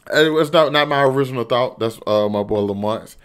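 This is a man recapping a TV episode in a relaxed, off-the-cuff vlog. He talks loosely and drifts from thought to thought, swears freely, and fills the gaps with "you know what I'm saying". His voice sits in a middle pitch. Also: brisk, smooth. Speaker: TV episode reviewer. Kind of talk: casual unscripted review vlog.

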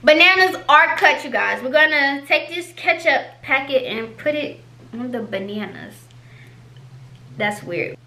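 A woman's voice: sits high, bright, forceful tone. A woman vlogging casually with her partner, playful and teasing, talking straight to viewers and sounding a little out of breath. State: out of breath, tired. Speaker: vlogger co-host. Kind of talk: casual couple vlog.

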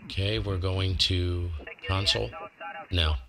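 A man narrating a hands-on ham radio receiver comparison, explaining calmly as he tunes. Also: low voice, slow pace, crowd noise. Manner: relaxed, explanatory, talks while tuning. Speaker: ham radio equipment reviewer.

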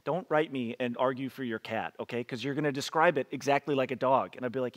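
A man's voice: mid-range voice, lively intonation, a little fast, a bit bright. A man preaching a casual online sermon as pastor, chatty and joking, laughing between readings. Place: church, streamed online.

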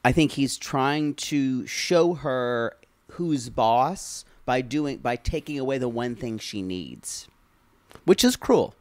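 A man's voice: mid-range voice, slow, no echo. A man co-hosting a podcast, chatting casually and animatedly about a reality show. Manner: chatty, animated, acts out quotes. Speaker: podcast co-host.

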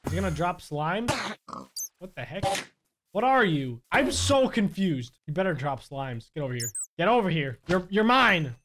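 A young man giving excitable gameplay commentary, laughing often and yelling at the mobs. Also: high-pitched, a little hiss or hum. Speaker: gaming YouTuber.

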